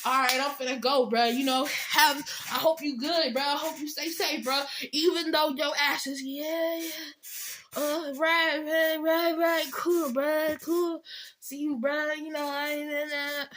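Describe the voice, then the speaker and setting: A young woman's high, bright voice drives a fired-up rant to camera. She is blunt and profane, and she repeats lines to hammer them home. Her delivery is sharp and forceful. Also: little pitch movement, a little slow. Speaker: vlogger giving life advice. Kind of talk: heated motivational rant.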